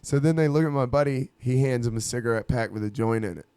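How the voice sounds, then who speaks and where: A podcast host with a mid-range voice talks fast as he tells a wild story in casual chat, laughing often and acting out the voices of the people involved. He's animated throughout, and the studio-quality recording is clean with no echo.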